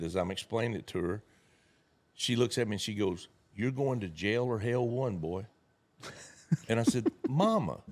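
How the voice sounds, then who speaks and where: A man telling folksy stories in a casual chat and acting out the dialogue. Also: mid-range voice. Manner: folksy storyteller, acts out dialogue. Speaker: network marketing leader.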